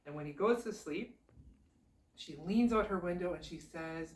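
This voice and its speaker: A woman tells a fairy tale in a casual, chatty way, full of lively asides. Her voice sits fairly low for a woman. The room is echoey and she is some distance from the mic. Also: moderate pace. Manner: chatty, animated, conversational asides. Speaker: storyteller. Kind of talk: casual oral storytelling.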